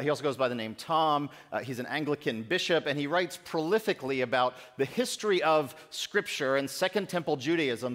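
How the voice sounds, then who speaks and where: A man's voice: fairly high pitch, fairly bright tone. A middle-aged man preaching a sermon as pastor, in a conversational way with self-deprecating humor. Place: church sanctuary. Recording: echoey church sanctuary.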